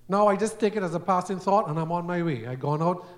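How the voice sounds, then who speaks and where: A man's voice: high voice, fast. Storytelling man preaching a sermon. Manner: storytelling, acts out quoted voices, repeats words. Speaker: guest preacher. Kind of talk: sermon teaching.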